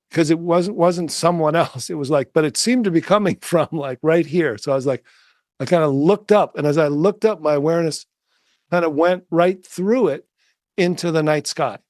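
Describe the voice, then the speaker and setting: A middle-aged man, a meditation teacher, telling a personal story in a soft-spoken, musing way with many fillers and restarts. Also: on the high side, normal speed, no echo. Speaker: interview guest, meditation teacher. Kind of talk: reflective storytelling.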